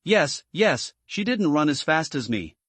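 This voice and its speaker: A man's voice: a little high, big pitch swings, unhurried, a bit bright, breathy edge, no room sound, exaggerated voice. A man voicing a timid young girl fortune teller in a recap story, speaking uneasily and with a tremble. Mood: frightened.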